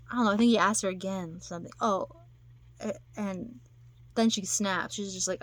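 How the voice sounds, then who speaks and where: A woman's voice: mid-range voice, fairly even intonation, moderate pace, no echo. A woman chatting casually to camera, rambling with lots of fillers and restarts. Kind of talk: casual chat.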